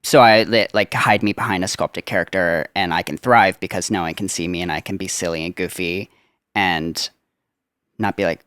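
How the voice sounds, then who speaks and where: Young male podcast guest, low and resonant, casual and rambling, dry close mic. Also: steady tone, normal speed, a bit bright, clear, resonant tone, dry recording. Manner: chatty, lots of filler "like". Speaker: guest, Disney character performer.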